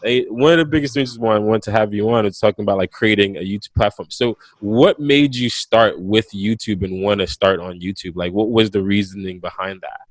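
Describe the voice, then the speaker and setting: Male host from Jamaica, relaxed interviewer; lower voice, dry recording. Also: fairly quick, few pauses, dry recording. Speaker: podcast host. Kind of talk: casual interview chat.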